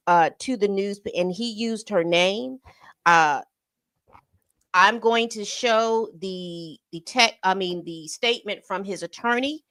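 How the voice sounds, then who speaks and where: A woman co-hosting a casual commentary stream, reading statements aloud and leaping high in pitch when incredulous. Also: a bit bright, no echo, studio quality. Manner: reads statements aloud with pauses. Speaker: co-host. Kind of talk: casual commentary on a news story. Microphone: streaming setup mic.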